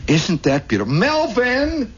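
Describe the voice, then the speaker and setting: A man's voice: high-pitched, very animated, moderate pace, breathy edge, voice pushed up, full character voice. A man voicing a sweet, fussy older woman next door who coos over a boy's ring, on an old lo-fi radio recording. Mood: cooing. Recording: dull lo-fi 1960s radio.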